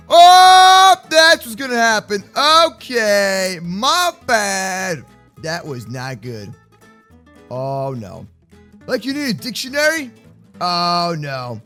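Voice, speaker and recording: A man hosting a game roleplay video, talking in a loud, hyper, jokey way and stammering into quick repeats. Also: high voice, sing-song, soft background music. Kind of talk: excited game roleplay commentary.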